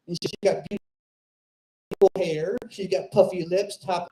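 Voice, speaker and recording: A man's voice: high voice, steady tone, a little slow, pauses often, warm tone. A male stand-up comic telling a rambling, self-mocking story on a club stage into a handheld mic. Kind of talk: stand-up set and chat. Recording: echoey club room.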